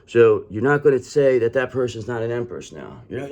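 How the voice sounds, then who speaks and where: A man's voice: medium pitch, lively intonation, a little fast, few pauses, a little mellow. A man giving a casual tarot reading to camera, calling the listener "brother" and repeating his points. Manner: acts out other people in mocking quoted voices. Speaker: tarot reader.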